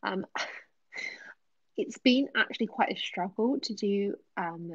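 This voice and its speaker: A woman's voice: mid-range voice, a little mellow, no room sound, highs cut off. A woman answering viewers' questions on a casual live stream, chatty with many ums and slipping into whispers. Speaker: ASMR creator answering live chat.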